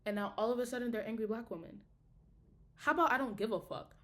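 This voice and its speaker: A woman's voice: a little high, fast, fairly bright tone. A young woman, a college student, talking heatedly and profanely in a casual video diary. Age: young adult. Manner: heated, profane, emphatic ranting.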